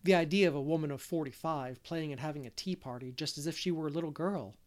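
A man reading a classic novel aloud as narrator, gentle and unhurried, with the odd stumble. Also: fairly high pitch. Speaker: audiobook reader. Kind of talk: storybook narration.

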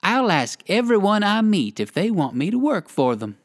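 A storyteller voicing a polite, earnest old gentleman rabbit in a children's story, in a raised voice with very lively pitch. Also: normal speed, dry recording, studio quality. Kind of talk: storybook character voice.

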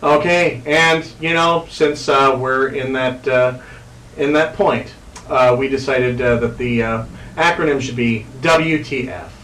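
A man's voice: mid-range voice, fairly even intonation, a little slow, a bit bright, recorded from a distance, slight background noise. A man hosting a podcast, rambling crudely with lots of fillers, in an echoey room away from the mic. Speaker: podcast host. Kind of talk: casual chat.

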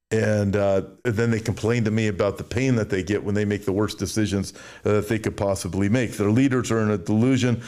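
A man preaching a sermon, reading Bible verses and commenting emphatically, with mocking asides and frequent restarts. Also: darkish tone. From United States. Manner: mimics complainers in a whiny high voice. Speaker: show host.

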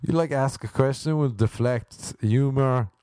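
A man's voice: mid-range voice, a little slow, mellow, no echo, studio quality. An Irish man rambling through a comic story, loose, profane and self-mocking. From Ireland.

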